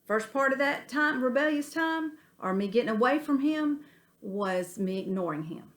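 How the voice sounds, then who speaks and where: A middle-aged woman teaching a women's Bible study, earnest and animated, telling folksy stories. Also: high-pitched, normal speed.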